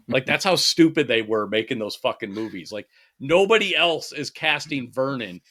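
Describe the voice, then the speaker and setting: Bright-voiced man ranting in casual chat. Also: mid-range voice, normal speed. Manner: animated, swears freely, ranting. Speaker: podcast co-host.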